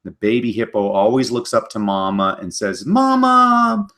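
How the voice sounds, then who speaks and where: A man giving an energetic webinar talk on children's books, telling stories and briefly doing character voices. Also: lowish voice. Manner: animated storyteller, does quick character voices. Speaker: literacy speaker giving book talks.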